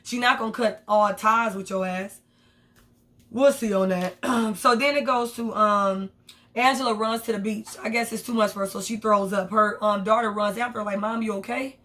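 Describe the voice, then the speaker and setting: A woman, casually recapping a TV episode in a candid, profane, animated way, acting out quoted lines. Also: medium pitch, normal speed. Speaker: TV show reviewer.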